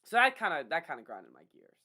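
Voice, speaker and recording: A man co-hosting a podcast, chatting casually and nitpicking a movie with quick asides. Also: fairly high pitch, very animated, pushed and bright. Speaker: podcast co-host. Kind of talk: casual movie review chat.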